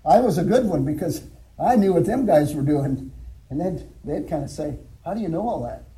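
An older man shares his church testimony in a folksy, storytelling manner, chuckling now and then. His voice sits high for a man and sounds very dark and mellow in tone. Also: animated, normal speed, poor audio. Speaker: former alcohol counselor giving testimony.

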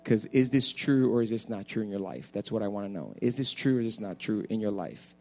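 A man's voice: fairly low pitch, fairly quick. A man preaching a sermon as pastor, pleading with the congregation in impassioned calls. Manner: impassioned preaching, rising to shouts. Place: church sanctuary with screens. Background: guitar music.

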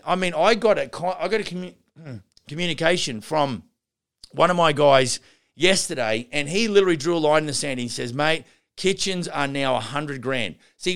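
Here a man with a slightly high voice and vocal fry hosts a show coaching contractors. It's casual instructional talk from a renovation business coach who rambles, keeps restarting sentences, adds asides, and calls people guys and gals.

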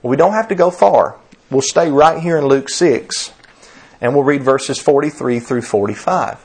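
A man's voice: mid-range voice, moderate pace, darkish tone, husky. A man in his thirties, a pastor preaching a conversational sermon, telling stories and asking rhetorical questions, often restarting his words.

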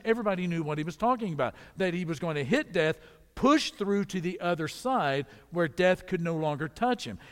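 Dynamic male preacher in a big hall. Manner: dynamic, swings between loud emphatic calls and quiet low storytelling. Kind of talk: sermon.

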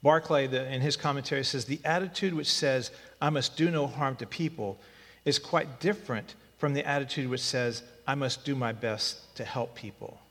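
A man's voice: mid-range voice, moderate pace, a bit bright. A man preaching a sermon as pastor, conversational and then emphatic with repeated short lines. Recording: long reverb of a hall.

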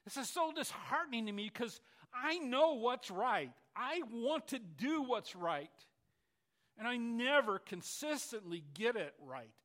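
A preacher voicing a frustrated apostle. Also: male voice, a little high, expressive, moderate pace, a bit bright. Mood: exasperated. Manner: exasperated, pleading paraphrase. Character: frustrated older male apostle confessing struggle.

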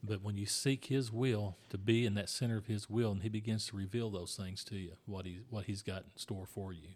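A man hosting an interview, talking in a calm, relaxed way. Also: on the low side, fairly quick. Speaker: host.

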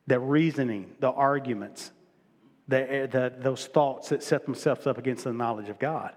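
A middle-aged man preaching to his congregation at an ordinary pitch, talking it through rather than reading, with lots of restarts and repeated words. His voice rings out in a church sanctuary with a long reverb tail. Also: moderate pace. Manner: conversational preaching with repetitions and restarts. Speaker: pastor. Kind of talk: sermon.

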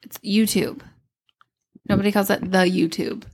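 Woman in her 30s, podcast co-host, mid pitch with a creaky edge, teasing banter. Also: fairly even intonation, moderate pace. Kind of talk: casual chat.

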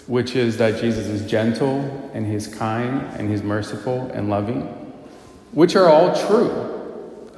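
Gravelly-voiced man preaching in echoey hall. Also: medium pitch, a little mellow. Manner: earnest, storytelling, rhetorical questions. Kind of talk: sermon. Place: church.

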